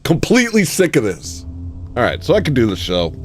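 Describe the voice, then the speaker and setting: A man's voice: mid-range voice, wildly swooping pitch, fairly quick, soft background music. A man hosting a livestream, rambling through a self-mocking comic monologue with theatrical outbursts. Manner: self-mocking, theatrical, bursts into sudden yells. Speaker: livestream host.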